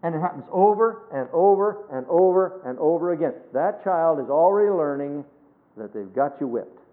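A man preaching a sermon, emphatic, swinging between loud stresses and hushed phrases and quoting scripture in a measured cadence. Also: a little high, animated. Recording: tinny phone-like sermon recording.

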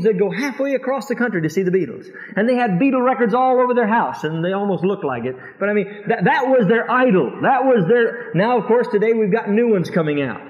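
A middle-aged man preaching a sermon as pastor, acting out quoted voices and asking rhetorical questions. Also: high voice. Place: large church sanctuary. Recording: dull lo-fi recording with long hall reverb.

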